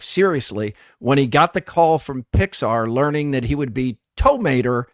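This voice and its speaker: A man's voice: mid-range voice, animated, normal speed, hardly any pauses, no echo. A man co-hosting a sports talk radio show, speaking plainly and matter-of-factly as he sets up clips. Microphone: studio microphone.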